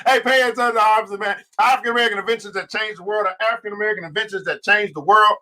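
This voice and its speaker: A male livestream host with a high, bright, forceful voice. He talks straight to his viewers in a fired-up, preacher-like way, drawing out the words he wants to land. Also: quick pace, few pauses. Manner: fired-up preacher-like delivery, stretching key words; talks straight to viewers, greeting them by name. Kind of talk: livestream finance show.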